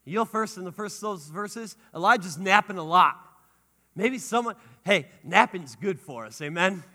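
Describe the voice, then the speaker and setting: A male pastor preaching a sermon with lively energy, rising to shouts and dropping to hushed tones. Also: high voice, a little slow. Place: church sanctuary. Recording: long hall reverb.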